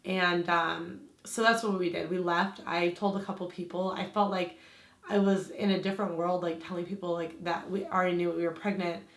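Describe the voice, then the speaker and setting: A woman's voice: fairly low pitch, flat delivery, moderate pace, reverberant. Chatty woman with a slight lisp. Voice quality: slight lisp from aligner trays. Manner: chatty, lots of "like" fillers. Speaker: vlogger. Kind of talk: casual storytelling to camera.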